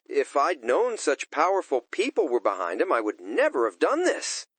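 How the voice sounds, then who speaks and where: A man's voice: a little high, huge pitch swings, normal speed, slightly rough, dry recording, full character voice. A man doing a flustered, fawning office manager.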